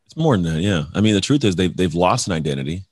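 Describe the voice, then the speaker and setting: A man's voice: low voice, expressive, fast, husky, no room sound, clean studio sound. A man who works as a coach and speaker, talking emphatically as a guest and acting out conversations with his clients. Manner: emphatic, acts out client dialogues, calls people bro. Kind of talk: energetic motivational talk.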